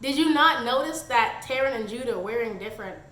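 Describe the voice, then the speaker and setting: A woman's voice: a little high, animated, brisk, sharp tone. A woman reviewing a book on her channel, exasperated and sarcastic in her critique. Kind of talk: casual book review vlog. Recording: echoey room.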